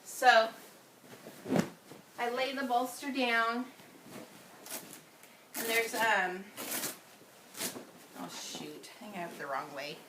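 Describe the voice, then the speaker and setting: A woman reviewing a product at home speaks slowly with long pauses, her voice fairly high. She rambles chattily, says um often, and sounds breathless as she moves about indoors. The camera is set away from her, so the audio is off-mic, echoey, and noisy.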